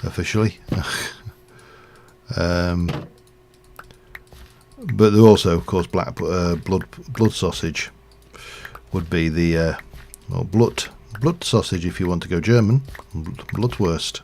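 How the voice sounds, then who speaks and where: A middle-aged Englishman streams a game and chats in a loose, rambling way, full of ums and small chuckles. His voice sits very low and has a gravelly rasp. A faint hiss runs under his talk. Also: takes it slowly, darkish tone. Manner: rambling, chatty, with fillers and chuckles. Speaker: live streamer. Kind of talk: casual chat while playing a game.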